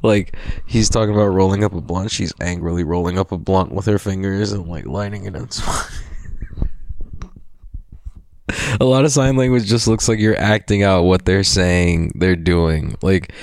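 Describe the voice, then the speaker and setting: A man's voice: sits low, moderate pace, a little mellow. A man hosting a podcast, talking in a loose, rambling, profane way and laughing often. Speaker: podcast host. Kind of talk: casual rambling monologue.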